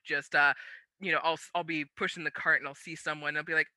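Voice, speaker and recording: A woman guest on an interview show, a sumo champion and military veteran, telling animated stories. She acts out her own past dialogue and often laughs as she talks. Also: deep voice, fast, no echo. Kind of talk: casual interview storytelling.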